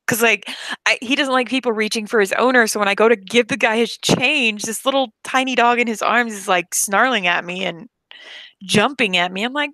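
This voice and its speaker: A woman's voice: fairly high pitch, fairly quick, sharp tone, no room sound. A woman chatting casually on a livestream, rambling with lots of fillers. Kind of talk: casual chat.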